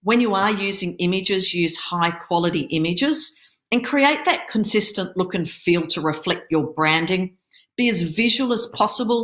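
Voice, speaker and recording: Low-pitched woman coaching over video call. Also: fairly bright tone, echoey room. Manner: instructive, coaching tone with occasional stumbles. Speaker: startup accelerator program manager giving a pitching workshop. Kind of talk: online presentation.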